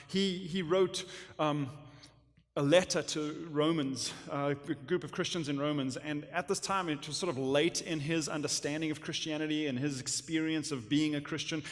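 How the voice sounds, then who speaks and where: High-voiced man preaching in a reverberant church. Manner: impassioned, swings from loud emphasis to hushed. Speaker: pastor. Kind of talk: sermon. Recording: long church hall reverb.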